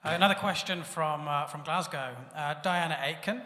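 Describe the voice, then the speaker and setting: A man with a higher, bright voice moderating a panel and reading out questions in a brisk, upbeat way. The sound is a large hall with a long echo. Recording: echoey hall, live event.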